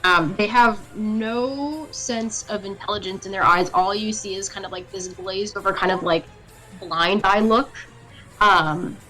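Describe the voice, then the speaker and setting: Woman game master, bright tone, halting descriptive narration, faint music underneath. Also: mid-range voice, fairly even intonation, poor audio. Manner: descriptive with many fillers. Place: home setup on a live stream.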